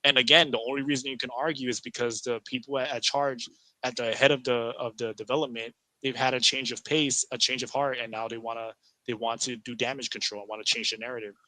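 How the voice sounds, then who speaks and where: A man co-hosting a casual gaming talk show, opinionated and animated, often restarting his sentences. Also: medium pitch, quick pace, dry recording, low-quality recording. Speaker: podcast co-host.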